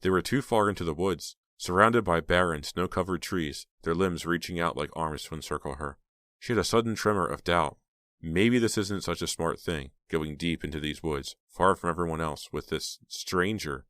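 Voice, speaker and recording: A man narrating an audiobook in a steady, measured voice. His voice is very low and deep, and the recording is dry and close with no room sound. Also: no echo. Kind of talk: scripted narration.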